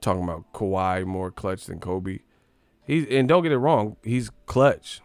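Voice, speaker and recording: A man from the Bay Area hosting a sports live stream, ranting in a profane, animated, comedic way and laughing often. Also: fairly low pitch, measured pace, dry recording. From San Francisco Bay Area.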